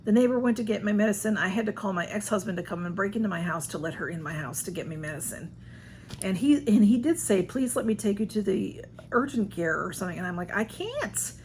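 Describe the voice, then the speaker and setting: A woman's voice: mid-range voice, quick pace, darkish tone, slight background noise. A woman chatting casually at home, answering a list of personal questions in a rambling, self-deprecating way. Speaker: vlogger.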